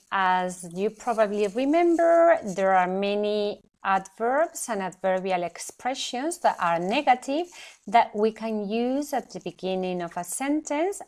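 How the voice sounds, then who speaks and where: A woman teaching an English grammar lesson in a measured, explanatory way, often checking in with "okay?". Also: medium pitch. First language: Spanish. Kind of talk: recorded lesson presentation.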